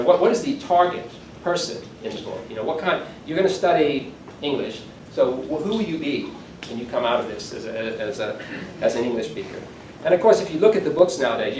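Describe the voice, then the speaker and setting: A man's voice: mid-range voice, darkish tone. Older man, keynote lecture, casual joking asides, roomy hall sound, faint background hum. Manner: conversational, self-deprecating asides. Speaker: keynote speaker. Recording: echoey hall from far off, faint room ambience.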